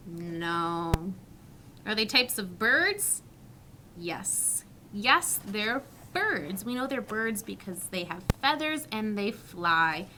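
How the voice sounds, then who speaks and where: A woman teacher reading a story to young children, asking questions and modelling sounds slowly and clearly. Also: mid-range voice, big pitch swings, bright, forceful tone, slight background noise. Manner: slow, clearly articulated, questioning.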